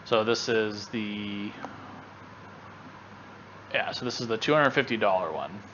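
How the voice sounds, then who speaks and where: Guy with a lowish voice rambling through gaming news, lots of ums, kinda dull lo-fi audio. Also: a little slow, fairly bright tone, slight background noise. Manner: rambling, with many fillers and restarts. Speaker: gaming channel co-host. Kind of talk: casual chat.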